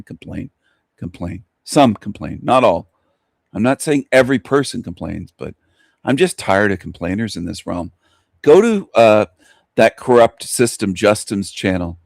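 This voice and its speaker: A man's voice: on the low side, vocal fry, no room sound. Blunt, profane man ranting on a dry mic. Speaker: channel host. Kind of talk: livestream commentary.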